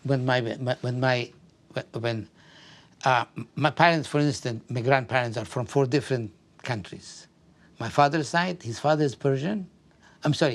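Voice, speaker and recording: In an oral history interview, an older man from Afghanistan describes his life in a mid-range voice, hesitating and repeating words often.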